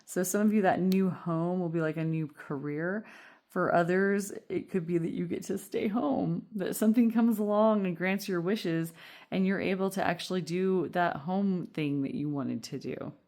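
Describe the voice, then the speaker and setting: A woman's voice: lowish voice, moderate pace, darkish tone. A woman giving a casual, reassuring tarot reading, chatty and rambling with fillers. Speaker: tarot reader.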